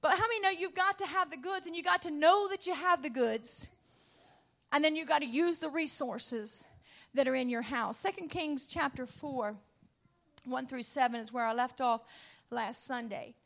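A woman preaching a sermon from the United States, calling out to the congregation and building to loud, emphatic passion. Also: high-pitched, moderate pace, gravelly.

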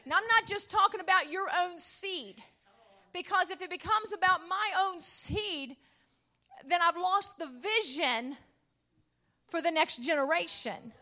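A woman preaching a sermon from the United States, calling out to the congregation and building to loud, emphatic passion. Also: very high-pitched, unhurried.

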